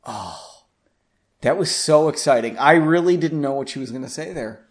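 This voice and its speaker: A man's voice: on the high side, moderate pace. A man reading his own story aloud, breaking off for chatty, self-commenting asides.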